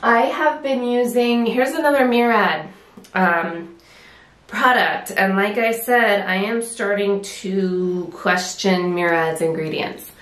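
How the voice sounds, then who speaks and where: A woman's voice: medium pitch, takes it slowly, fairly bright tone, echoey room. A woman chatting casually through a beauty product review, a little winded, with many fillers and restarts. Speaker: beauty vlogger.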